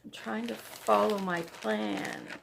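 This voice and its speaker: A woman's voice: mid-range voice, fairly even intonation, slow pace, creaky, slight background noise. A woman hosting a stitching vlog, chatting casually and gushing over her projects, often repeating herself. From Canada. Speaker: flosstube host. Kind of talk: casual show-and-tell chat.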